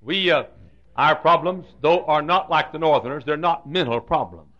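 A man with a Southern US accent preaching a humorous sermon, telling a story with joking asides and frequent throat clearing. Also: fairly high pitch, moderate pace, a bit bright. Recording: dull lo-fi sound.

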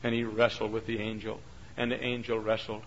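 Man, preacher, gravelly, bright, animated sermon, lo-fi recording. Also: on the low side, brisk, a little hiss or hum. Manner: acts out characters, climbs to shouts.

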